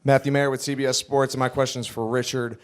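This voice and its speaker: A man's voice: medium pitch, little pitch movement, fast. A man, a sports reporter, asking a question directly at a press conference.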